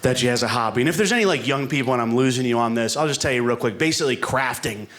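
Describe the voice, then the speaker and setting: A man's voice: mid-range voice, rapid-fire, fairly bright tone. Rambling self-deprecating stand-up comic man. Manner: rambling, self-deprecating, full of "like" and "you know". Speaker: stand-up comedian. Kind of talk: stand-up routine. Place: comedy club stage with a live audience. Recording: live room with audience noise.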